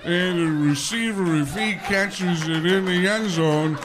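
A man's voice: high voice, a little slow, noisy background. A man doing an impression of a rambling football commentator who stammers and repeats filler words, on stage before a live audience. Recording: live comedy show with crowd.

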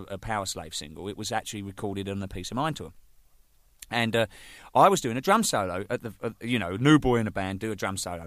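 A band drummer tells a rambling anecdote about his band in a lowish voice, swearing, laughing and acting out shouted quotes. It's a casual storytelling monologue, recorded dry with clean studio sound.

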